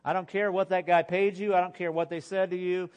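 A man's voice: high-pitched, flat delivery, brisk, dull audio, lightly acted. A man voicing God giving a stern, plain-spoken warning.

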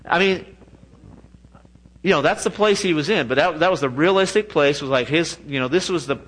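A man preaching a sermon in a lively, joking way, often laughing at his own asides. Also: fairly high pitch, normal speed, rough recording. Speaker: pastor.

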